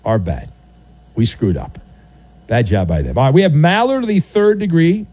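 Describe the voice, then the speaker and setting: Male sports talk host, playful and sardonic, lively delivery with a slightly high but mellow voice. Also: moderate pace, dry recording.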